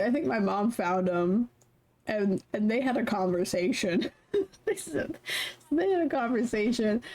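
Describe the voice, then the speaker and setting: A young adult woman streaming, chatting casually and reading game text aloud in an animated, swearing manner. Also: mid-range voice. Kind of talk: casual chat while reading a visual novel aloud.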